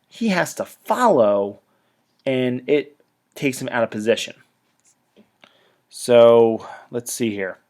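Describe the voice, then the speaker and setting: A man giving a casual battle report on a tabletop wargame. His voice sits at an ordinary middle pitch. He talks in chatty stop-start bursts and drifts into trailing asides. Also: a little mellow.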